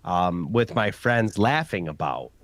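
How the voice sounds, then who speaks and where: A man in his forties joins a relaxed group conversation, speaking with a low voice. He talks in a chatty way, often restarting his sentences, and the sound is dry. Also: measured pace, no echo. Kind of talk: casual chat.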